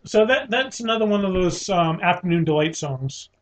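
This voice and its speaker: High voiced guy joking around and swearing, bouncy delivery. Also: lively intonation, moderate pace. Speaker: co-host. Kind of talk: casual chat.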